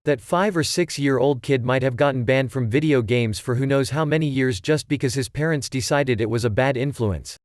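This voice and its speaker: A man reads Reddit posts aloud in a flat, even voice. He spells out abbreviations one letter at a time. The recording is dry and close, with no room sound. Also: mid-range voice, moderate pace, few pauses, no echo. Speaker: narrator.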